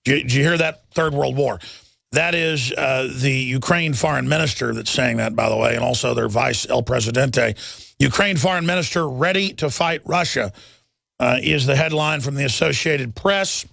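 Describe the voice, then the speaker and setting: Middle-aged male talk radio host, gravelly and dry, urgent and emphatic. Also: medium pitch, moderate pace, a bit bright, no echo. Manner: urgent, emphatic, reads headlines aloud. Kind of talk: impassioned talk radio monologue.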